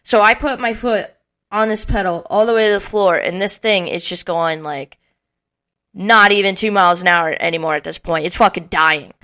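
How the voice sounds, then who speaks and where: Bright, clear young woman telling a story. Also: fairly low pitch, normal speed. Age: early 20s. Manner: animated, swearing often, acting out quotes with laughs. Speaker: podcast co-host. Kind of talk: casual storytelling chat.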